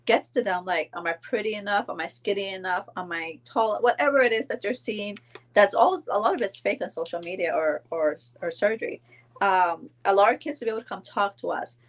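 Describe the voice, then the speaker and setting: Belizean-born lady in her 40s, rambly live chat, lots of ums, mid pitch. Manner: chatty, rambling, many fillers and restarts. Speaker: vlogger. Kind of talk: casual live-stream chat.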